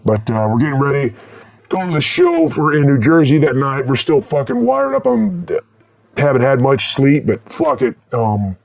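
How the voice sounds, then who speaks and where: A black metal musician recapping a tour in a casual, rambling way, swearing often and filling pauses with "uh". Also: male voice, medium pitch, very animated, creaky, darkish tone. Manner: rambling, profane, with many fillers.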